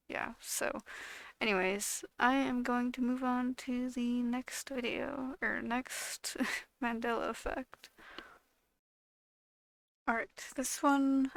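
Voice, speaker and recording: A woman's voice: a little high, a bit bright, clean tone, no room sound. A young woman YouTuber chatting casually to her viewers, rambling with lots of fillers and trailing off. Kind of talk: casual chat to camera.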